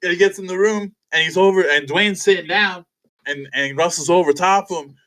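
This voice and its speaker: A young man, a fighter guest on an interview show, telling stories in a casual, animated, profane way and acting out other people's lines. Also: sits high, fairly quick, low-quality recording. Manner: animated, profane, acts out quotes.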